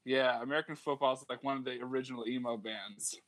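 A man's voice: medium pitch, steady tone, fast, a loud crowd. A man co-hosting a podcast, chatting casually and enthusiastically, with plenty of fillers and swearing. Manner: rambling, enthusiastic, swears often, many fillers. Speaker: podcast co-host. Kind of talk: casual chat.

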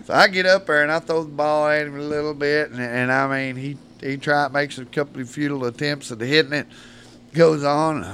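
A man's voice: fairly high pitch, steady tone, brisk, bright, forceful tone, slight background noise. A man, a podcast guest telling rambling, folksy stories and laughing through them. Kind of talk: casual storytelling.

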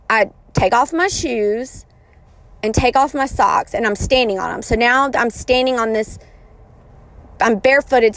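A woman in her thirties telling an embarrassing story in a casual, chatty way, often poking fun at herself. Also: on the high side. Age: 30s. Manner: chatty, self-mocking, animated retelling.

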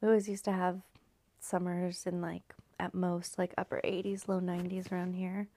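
A casual woman from California rambles through a story recap, dropping in swear words and sliding down into near-whispers. Her voice carries a gravelly fry, and the recording is close and dry, with no room sound. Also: on the low side, little pitch movement, moderate pace, dark tone, no room sound. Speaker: video host recapping a story.

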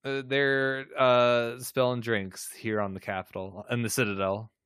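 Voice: medium pitch, level tone, a little slow, a bit bright, clean tone, dry recording, studio quality. A podcast co-host in casual chat, making wry, teasing asides about an episode.

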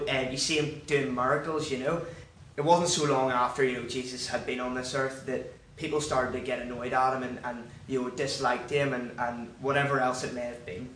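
A man giving an informal, earnest sermon, halting and full of filler words and restarts. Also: mid-range voice, fairly bright tone. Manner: earnest, encouraging. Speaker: church speaker. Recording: roomy, mic at a distance, faint background noise.

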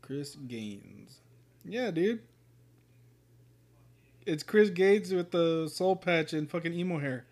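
A man's voice: on the high side, animated, slow pace, pauses often, a little mellow. A man in casual chat as a podcast co-host, swearing freely, laughing often and telling anecdotes.

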